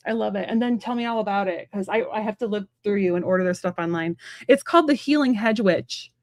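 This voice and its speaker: A woman giving a live-stream tarot reading from home, talking fast and rambling in a chatty way with many fillers. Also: medium pitch, darkish tone, no room sound, studio quality. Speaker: psychic medium and tarot reader.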